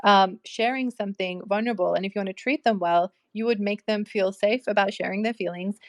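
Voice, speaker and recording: A woman's voice: mid-range voice, fairly quick, dry recording. Young woman hosting a chatty advice talk, laughs a lot, dry sound. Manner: chatty, many fillers, laughs often. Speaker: host.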